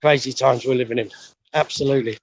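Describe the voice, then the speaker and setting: A man's voice: mid-range voice, fairly even intonation, fast talker, no room sound, low-quality recording. A middle-aged man out of breath, talking casually and bluntly with lots of swearing while walking up a steep hill outdoors, recorded on a handheld phone. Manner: blunt, swears a lot, rambling. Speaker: vlogger.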